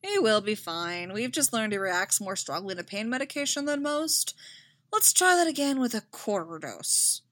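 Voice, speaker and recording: A woman voicing a calm, practical female healer with a matter-of-fact manner in an audiobook reading. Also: a little high, moderate pace.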